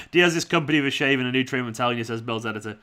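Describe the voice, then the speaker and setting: Bright-voiced man chatting. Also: mid-range voice, quick pace. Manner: chatty, reads out viewer comments, laughs a lot. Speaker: fan channel host. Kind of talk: live watchalong chat.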